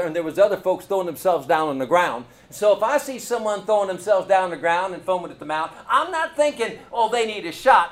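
A middle-aged man with a Kentucky accent, a pastor telling a story in a folksy, animated sermon and calling out to the congregation. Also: high-pitched.

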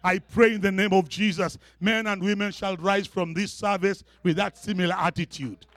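A man's voice: sits high, fairly even intonation, moderate pace, a bit bright, no room sound. A male preacher delivering a dramatic sermon, acting out scenes and calling to the congregation for response.

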